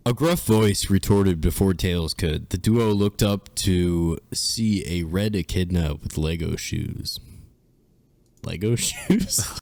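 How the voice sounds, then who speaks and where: Male co-host, low slow delivery, halting comedic read-aloud, dry close mic. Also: a little mellow, no room sound. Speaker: co-host reading fan fiction aloud.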